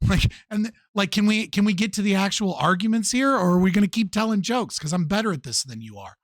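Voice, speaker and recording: A man's voice: sits high, expressive, quick pace, no room sound, studio quality. A man streaming live commentary on a debate clip, blunt, profane and exasperated.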